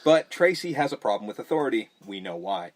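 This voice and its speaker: Young dude rambling through a movie plot on a podcast, swears a lot, average pitch. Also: male voice, big pitch swings, fairly quick, gravelly. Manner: profane, rambling recap with acted-out quotes. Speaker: podcast host. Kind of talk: casual movie recap chat.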